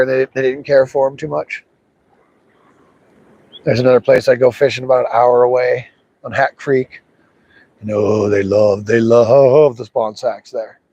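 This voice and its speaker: A man's voice: mid-range voice, a little mellow. A man casually talking through a fishing session outdoors by a river, chatting to himself and to the fish. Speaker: fishing livestreamer. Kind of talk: casual live commentary while fishing.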